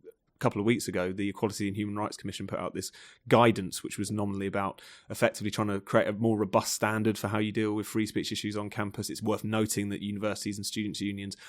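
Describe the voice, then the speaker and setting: A man on a podcast, arguing briskly in casual discussion. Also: on the low side, flat delivery, no room sound, clean studio sound. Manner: brisk, argumentative.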